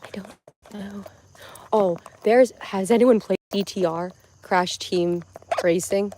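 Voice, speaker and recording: Young woman, livestream host, loose giggly chatter with constant "like"s, mid-pitched, home setup. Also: slow pace, warm tone. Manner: rambling, filler-heavy, giggly. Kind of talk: casual livestream chat.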